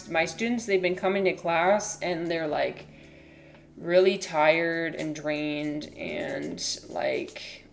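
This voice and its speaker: A woman livestreaming in casual chat, rambling and hesitant with many fillers and restarts, now and then cooing softly to her cat. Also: fairly low pitch. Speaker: livestreamer and teacher.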